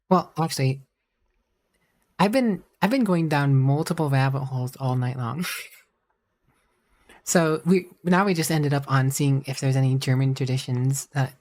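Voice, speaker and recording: A woman's voice: very deep voice, measured pace, long pauses, darkish tone. A woman streamer chatting casually and rambling, with a giggly manner. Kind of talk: casual live-stream chat.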